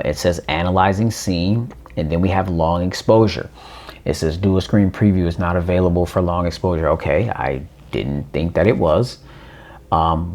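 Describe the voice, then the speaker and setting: A man with a low, gravelly voice talks unhurriedly through a new phone's camera settings. He reads each on-screen prompt aloud as he goes and calls his viewers ladies and gentlemen, in an easygoing, thinking-out-loud walkthrough. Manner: addresses viewers as ladies and gents. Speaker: tech reviewer. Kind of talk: casual unboxing walkthrough.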